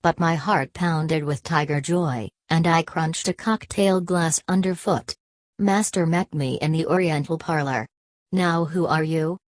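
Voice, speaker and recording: A woman narrating an audiobook in a measured, even reading. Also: low-pitched, no room sound. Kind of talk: scripted narration.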